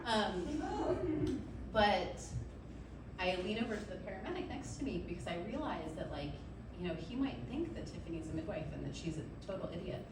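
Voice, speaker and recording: A woman midwife tells funny stories to a live audience in stand-up style, chatty, laughing often and saying lots of ums. Her lowish voice is expressive and brisk. The recording is roomy, with a distant mic and loud, noisy ambience.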